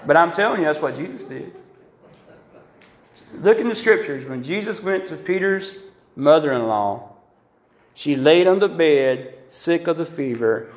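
Pausing often and speaking a little slowly, a middle-aged pastor with a fairly high voice preaches a sermon. His folksy stories come alive through acted-out quotes, and the room is echoey.

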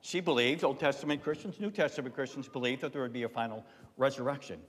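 Preaching man in a reverberant church. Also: fast. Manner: conversational preaching, swells loud and high at climaxes, drops to soft asides. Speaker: pastor. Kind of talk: Easter sermon. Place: church sanctuary.

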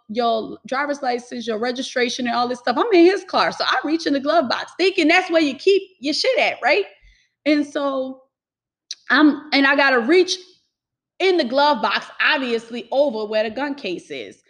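A woman's voice: high voice, expressive, moderate pace. A woman telling a personal story in casual talk, emphatic and swearing freely.

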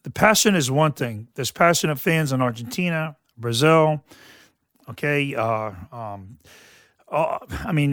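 A man's voice: mid-range voice, a bit bright, dry recording, clean studio sound. A man from southeastern Louisiana, hosting a radio sports talk show in a rambling, folksy way full of fillers and restarts. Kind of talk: casual sports commentary.

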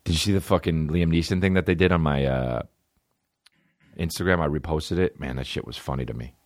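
A man's voice: a bass voice, brisk, no room sound, studio quality. A male comedian hosting a podcast, chatting casually in a rambling, sarcastic and profane way.

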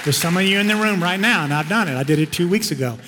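Male pastor, middle-aged, fairly high voice, emphatic sermon delivery with long church reverb. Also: animated, fast, crowd noise, noisy background. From Texas. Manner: emphatic, swings from loud urging to quiet storytelling. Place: large church sanctuary. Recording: long hall reverb in a sanctuary.

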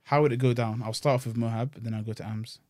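A man's voice: medium pitch, fairly even intonation, fast talker, darkish tone, dry recording, studio quality. Exasperated young man ranting. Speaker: podcast co-host. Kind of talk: casual podcast banter.

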